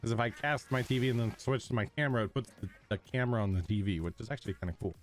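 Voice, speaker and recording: A man's voice: medium pitch, rapid-fire, soft background music. A man hosting a game livestream, a bit sick, chatting casually and joking with friends. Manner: joking, self-amused. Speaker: streamer and host. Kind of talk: casual chat while streaming a game.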